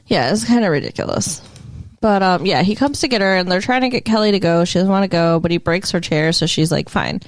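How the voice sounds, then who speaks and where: A woman's voice: fairly low pitch, fast talker. A woman co-hosting a podcast, recapping a TV episode in casual chat, chatty and giggly, saying "like" a lot. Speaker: podcast co-host.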